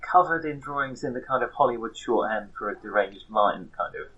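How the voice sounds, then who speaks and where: A man's voice: mid-range voice, animated, brisk, breathy edge, lo-fi sound. A man playing in a tabletop game, brash and jokey. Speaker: player.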